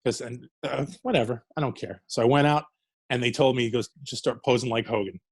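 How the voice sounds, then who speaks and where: A man's voice: mid-range voice, steady tone, brisk, husky, no room sound. A middle-aged man from New York telling profane, laughing wrestling stories in a casual interview. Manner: profane, laughing, rambling anecdotes. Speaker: wrestler guest.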